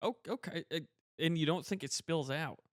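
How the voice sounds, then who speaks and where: Teasing young man, slightly high voice. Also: no echo, clean studio sound. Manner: teasing, quick to laugh. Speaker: podcast co-host. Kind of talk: casual comedic chat.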